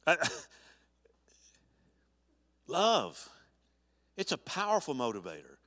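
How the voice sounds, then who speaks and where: A man's voice: a little high, wildly swooping pitch, takes it slowly, sharp tone. A middle-aged man, a pastor, preaching an earnest sermon, often restarting his sentences as he talks. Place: church sanctuary. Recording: long church reverb.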